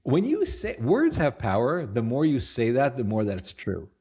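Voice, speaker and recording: A man's voice: medium pitch, normal speed, breathy edge. A middle-aged man, a company CEO, being interviewed as a guest, telling stories casually and acting out quotes. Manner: lively storyteller, acts out quotes, laughs easily.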